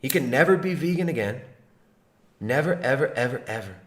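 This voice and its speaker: A man's voice: medium pitch, lively intonation, brisk, reverberant. Sarcastic man reacting animatedly. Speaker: livestream host. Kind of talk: mocking reaction commentary.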